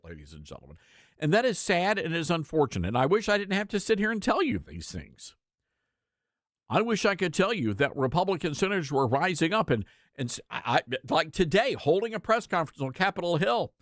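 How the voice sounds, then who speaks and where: A man's voice: on the high side, big pitch swings, a little fast, no room sound. A man hosting a talk radio show, giving opinionated political commentary with emphatic repetition into a studio mic. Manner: emphatic, repeats lines for effect.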